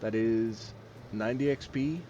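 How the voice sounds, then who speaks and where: A man narrating as game master for a tabletop game, relaxed and chatty. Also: mid-range voice, unhurried. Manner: relaxed, chatty, with fillers and laughs. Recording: slightly muffled stream audio with faint background noise.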